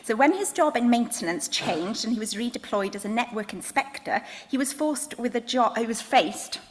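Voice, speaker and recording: A woman with a Welsh accent hosting a live event, bubbly, enthusiastic and chatty. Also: medium pitch. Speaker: event host. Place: event hall. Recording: echoey hall with faint ambience.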